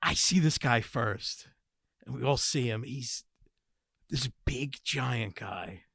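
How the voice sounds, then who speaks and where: A man's voice: medium pitch, slow pace, gravelly, fairly bright tone, husky, dry recording, studio quality. A man co-hosting a comedy podcast, telling a rambling, profane story in casual chat. He is in his forties. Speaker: podcast co-host.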